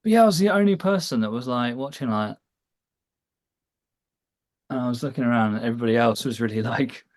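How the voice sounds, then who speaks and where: A man who is a guest on a casual podcast tells stories in a wry, offhand way. His voice sits at a middle pitch, and his jokes land dry. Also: brisk, long pauses, a little mellow. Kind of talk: casual chat.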